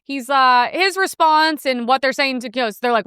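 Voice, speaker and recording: A young woman hosts her own commentary show, delivering sarcastic, rambling takes full of fillers. Her voice sits a little high, with a bright, smooth tone, and her pitch swings widely as she talks. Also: moderate pace, no echo, studio quality. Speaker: host. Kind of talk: casual commentary reacting to news clips.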